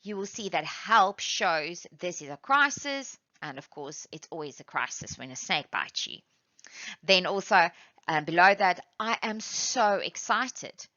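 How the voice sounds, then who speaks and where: A woman teacher from South Africa giving a lesson, patiently explaining step by step and reading examples aloud slowly. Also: on the low side, animated, bright, forceful tone, dry recording. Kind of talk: classroom lesson. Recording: dull, lo-fi sound.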